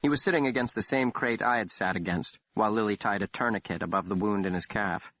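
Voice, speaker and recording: A man reading a horror audiobook in a measured, dramatic way. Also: on the low side, fairly bright tone, no room sound. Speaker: audiobook narrator. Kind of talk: scripted narration. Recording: dull, dry studio read.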